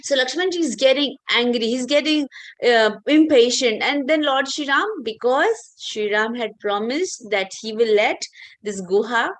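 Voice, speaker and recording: A woman's voice: on the high side, a little slow. A woman teacher telling a story in an online class, chatty with many fillers and questions to listeners.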